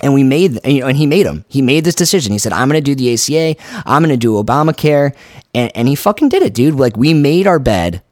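A man's voice: medium pitch, big pitch swings, fast talker, a little mellow, no echo, studio quality. A man co-hosting a podcast who rants in a heated, emphatic way and swears often. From United States. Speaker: podcast co-host. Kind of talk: casual podcast rant.

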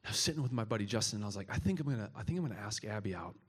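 Young man, storytelling, animated, quoting friends. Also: fairly low pitch, rapid-fire, breathy edge. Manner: animated, acts out quotes, laughs often. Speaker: speaker at a young adults gathering. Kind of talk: storytelling to a live audience.

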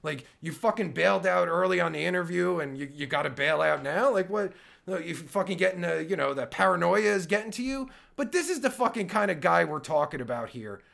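A high-voiced podcast host rants while reacting to a clip, stammering, sarcastic, and swearing constantly. His voice is gravelly and a bit bright, and his angry, profane commentary comes out animated and brisk.

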